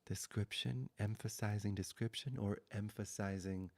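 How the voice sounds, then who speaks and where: A man giving a spiritual satsang talk, speaking softly and slowly, often half-whispered, with long pauses. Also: fairly low pitch, fairly even intonation, gravelly. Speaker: spiritual teacher.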